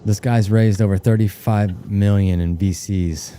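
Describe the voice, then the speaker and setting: Male co-host, very deep and dark voice, wry and laughing, casual live-stream chat. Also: fairly even intonation, measured pace, a little hiss or hum. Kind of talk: casual chat reacting to videos.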